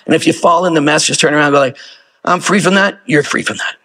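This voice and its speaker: A man's voice: on the high side, fairly even intonation, racing, sharp tone. A male pastor delivering a sermon in a casual, conversational way, firing off rhetorical questions to the congregation.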